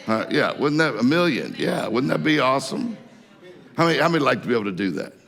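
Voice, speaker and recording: Gravelly preacher in a big hall. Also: male voice, mid-range voice, big pitch swings, fast talker, a bit bright. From Mississippi, USA. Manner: folksy storytelling, laughs at his own jokes. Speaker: guest preacher. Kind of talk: sermon with jokes. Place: church hall. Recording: long church hall reverb.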